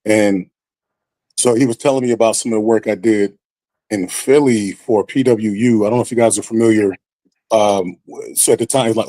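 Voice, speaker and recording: A man telling a story on a podcast in a casual, animated way, with lively acted-out quotes. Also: on the low side, no room sound. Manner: animated, acts out quoted voices. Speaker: podcast guest.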